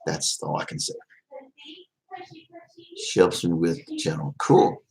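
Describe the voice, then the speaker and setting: Deep-voiced man, casual streamer, rambling and sincere. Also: little pitch movement, measured pace, gravelly, a little mellow, a little hiss or hum, rough recording. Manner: rambling and heartfelt, many fillers. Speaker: vlogger reading live chat. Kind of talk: casual livestream chat.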